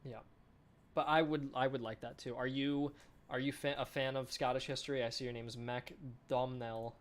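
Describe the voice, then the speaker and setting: A man's voice: medium pitch, little pitch movement, normal speed. A man hosting a game developer live stream in a casual chat, reading viewer comments aloud and answering them with enthusiasm. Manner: enthusiastic, chatty.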